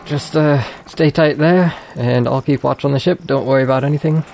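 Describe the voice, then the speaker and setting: A man's voice: mid-range voice, steady tone, a little fast, creaky, darkish tone, a little hiss or hum, pitched above the performer's own voice, lightly acted. A man voicing a male ship crewman on night watch, in a made-up accent that places him nowhere real. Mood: reassuring.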